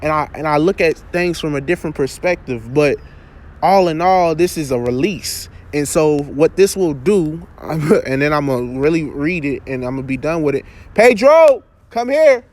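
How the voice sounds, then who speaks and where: A man giving an earnest, preacherly spoken reflection outdoors, halting and restarting as he talks. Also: on the high side, a little mellow. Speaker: vlogger.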